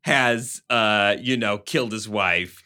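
A man's voice: fairly low pitch, takes it slowly. A man co-hosting a podcast, chatting casually and reading chapters of a novel aloud. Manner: animated, laughing, many fillers. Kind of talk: casual chat and book reading.

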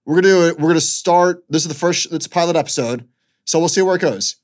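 A man co-hosting a casual finance podcast, relaxed, with dry asides and short replies. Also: fairly high pitch, fast. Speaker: podcast co-host.

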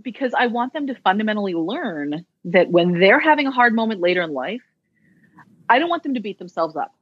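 A woman's voice: mid-range voice, expressive, fairly quick, slightly rough, no echo, muffled recording. A woman who is a social worker, speaking as a podcast guest in a candid, chatty way with self-deprecating humor. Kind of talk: casual interview conversation.

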